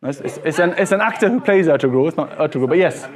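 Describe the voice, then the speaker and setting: A man teaching a classroom lesson, quizzing his students with quick repeated questions in an animated way. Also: a little high, a crowd in the background.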